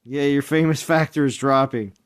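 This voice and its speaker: A man's voice: medium pitch, moderate pace, smooth. A man streaming a mobile game, chatting in a rambling, jokey way with friends and viewers. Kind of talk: casual live-stream chat.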